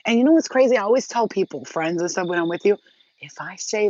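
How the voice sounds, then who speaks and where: A woman's voice: mid-range voice, lively intonation, fast, a little mellow, no echo. A woman talks straight to her viewers in a loose, unscripted vlog. She is blunt and emphatic and swears freely. The sound is dry and close, and the audio is a little dull and lo-fi. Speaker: vlogger. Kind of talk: casual direct-to-camera talk.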